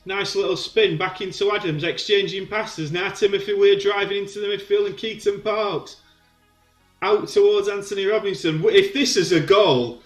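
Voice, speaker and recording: A man giving excited play-by-play commentary on a football video game, shouting when goals go in. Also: sits high, normal speed, reverberant, faint music behind. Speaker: gaming commentator.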